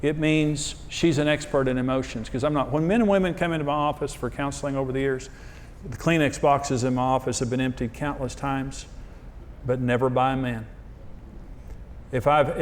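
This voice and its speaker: A man's voice: medium pitch, slight background noise. A middle-aged man preaching a humorous marriage sermon, storytelling in a folksy way and acting out quoted voices. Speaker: marriage teacher and pastor. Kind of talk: humorous sermon to a live audience.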